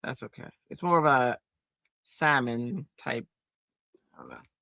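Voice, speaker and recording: Chatty craft lady rambling stories, bouncy bright voice, kinda dull dry sound. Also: rumbling low, measured pace, no echo. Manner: chatty, animated storyteller. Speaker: crafting channel host. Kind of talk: casual chat while crafting.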